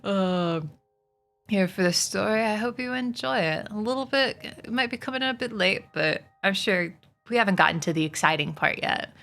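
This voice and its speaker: A woman's voice: medium pitch, animated, normal speed, gravelly. A woman streaming a book reading, narrating chapters and chatting with viewers in a giggly, friendly way. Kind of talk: casual livestream storytelling. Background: soft music.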